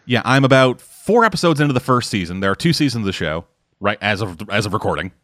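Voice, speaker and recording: A man's voice: lowish voice, very animated, fast talker, a bit bright, no echo, clean studio sound. Rambling, profane casual man. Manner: rambling, swearing, lots of fillers. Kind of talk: casual chat.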